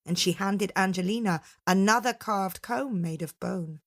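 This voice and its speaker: A woman storyteller telling a fairytale to children in a dramatic, expressive way. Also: medium pitch. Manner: dramatic, unhurried, with voiced characters.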